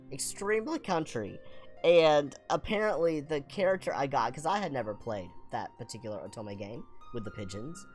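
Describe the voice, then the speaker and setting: A young adult streamer from the American South with a Southern accent, telling a rambling, self-deprecating story and reading game text aloud in a casual let's-play. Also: medium pitch. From Southern United States.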